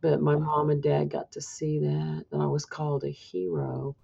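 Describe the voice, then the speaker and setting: An older woman recalling a past case in an interview, telling it in an animated way and acting out the voices of others. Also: low-pitched, moderate pace, creaky. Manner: animated storytelling, quotes others in raised voice. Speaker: interviewee, forensic sketch artist. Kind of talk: recorded interview recollection. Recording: dull lo-fi interview audio.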